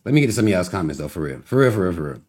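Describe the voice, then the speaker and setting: A man's voice: low voice, very animated, very fast, a little mellow, husky. A man hosting a casual livestream, talking to viewers and reading their comments, often breaking into laughter and teasing in a loose, rambling way.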